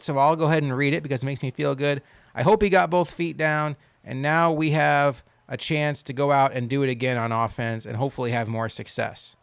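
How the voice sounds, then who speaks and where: A man giving casual commentary while playing a football video game, wry and quick to complain, then cheering loudly on big plays. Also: mid-range voice, steady tone, vocal fry, smooth, dry recording. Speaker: gaming channel host.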